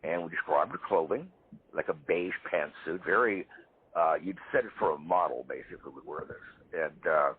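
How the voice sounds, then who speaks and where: A man in his seventies, a parapsychologist guest, telling stories in a lively way in a live interview. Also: deep voice, moderate pace, slightly rough. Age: 70s. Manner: animated storyteller. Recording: tinny phone-line audio.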